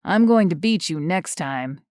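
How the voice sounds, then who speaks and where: A woman's voice: on the low side, lively intonation, measured pace, darkish tone, dry recording. A woman voicing a joking man in his late twenties who banters dryly with his niece. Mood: wry. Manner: dry, good-humored banter.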